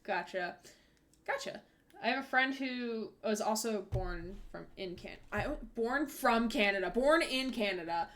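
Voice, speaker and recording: A woman's voice: medium pitch, expressive, a little slow, a bit bright. A woman hosting a live game stream, chatting casually and rambling with many fillers and self-corrections. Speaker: streamer host. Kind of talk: casual chat while playing a game live.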